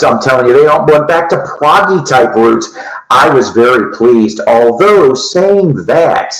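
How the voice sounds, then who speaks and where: A man hosts a podcast at an unhurried pace, rambling loosely and dropping casual swears. His voice sits at a middling pitch and rings in an echoey room. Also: a bit bright. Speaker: podcast host. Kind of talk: casual chat.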